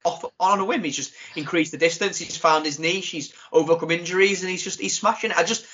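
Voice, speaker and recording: A man hosting a podcast, chatting casually with jokey, animated banter. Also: sits high, fairly quick, slight background noise. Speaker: podcast host. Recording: dull lo-fi sound.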